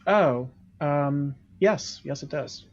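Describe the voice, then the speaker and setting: A man's voice: fairly high pitch, takes it slowly, lo-fi sound, a little hiss or hum. A man running a tabletop game as game master, explaining rules and results with hedges and fillers.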